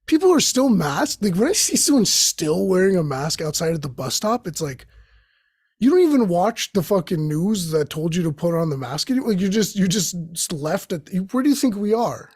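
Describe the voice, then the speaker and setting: A man's voice: high voice, sing-song, moderate pace, a little mellow, husky, no echo, studio quality. A young man hosting his own show, riffing profanely in a rambling comedic monologue that jumps between tangents. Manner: profane, tangent-jumping, acts out quoted voices. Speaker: host.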